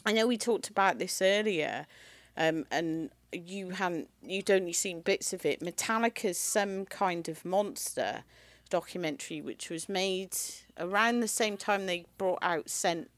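A woman telling rock-and-roll anecdotes in a loose, giggly chat. Her voice sits at an ordinary middle pitch and sounds dry and close, with no room around it. She breaks into laughter and swears as she talks. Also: expressive, a little slow, dry recording. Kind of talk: casual chat about rock music.

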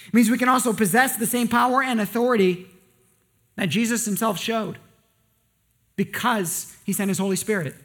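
A male pastor preaching a conversational sermon with joking asides and quick rhetorical questions. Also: high voice, gravelly, a bit bright.

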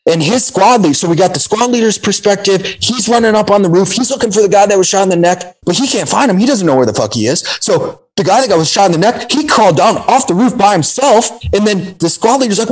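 A man's voice: sits high, rough recording. A man in casual conversation, telling intense stories and swearing often. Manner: intense storytelling, heavy swearing.

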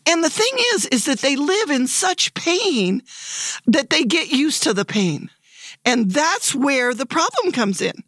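A woman in her sixties, a podcast guest, telling stories in a lively way and acting out the voices she quotes. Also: sits high, measured pace, no echo. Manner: lively, animated storyteller who acts out quoted voices. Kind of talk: casual podcast storytelling.

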